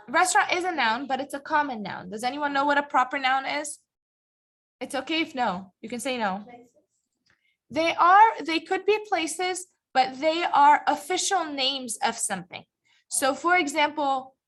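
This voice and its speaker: Slow, bright-voiced woman teaching a class. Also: high-pitched. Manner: checks understanding often, asking the class questions; patient, encouraging. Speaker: ESL teacher. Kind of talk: live classroom lecture, also streamed online.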